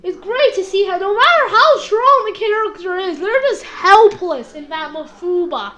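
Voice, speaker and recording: A woman's voice: very high voice, expressive, fairly bright tone. A woman casually reviewing an anime episode, rambling with lots of fillers and acting out bits of dialogue. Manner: rambling, full of fillers and quick impressions.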